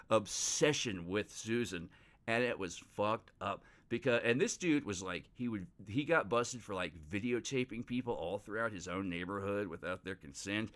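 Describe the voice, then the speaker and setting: Crude, rambling man with a lowish voice. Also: moderate pace, a bit bright. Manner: profane, rambling and mocking. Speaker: podcast host. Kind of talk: casual true-crime monologue.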